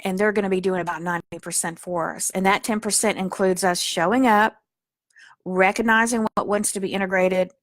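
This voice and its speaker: A woman's voice: mid-range voice, no echo, studio quality. A woman teaching spiritual healing in a soothing, earnest way, with frequent fillers as she talks. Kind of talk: spiritual guidance talk.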